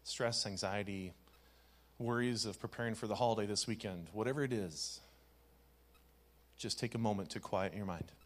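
Low-voiced pastor leading a meditation. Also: male voice, normal speed. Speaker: youth pastor. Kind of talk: guided meditation in a sermon.

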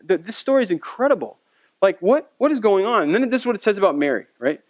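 A man's voice: high voice, very animated, fast, dry recording. A man preaching a sermon as pastor, telling a personal story in a conversational way with asides to the congregation.

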